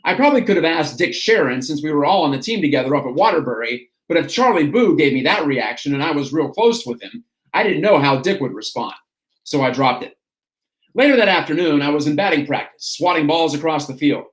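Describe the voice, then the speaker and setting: A man's voice: fairly high pitch, a little fast. Man reading a memoir aloud in an echoey room. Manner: steady, storytelling read. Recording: roomy echo.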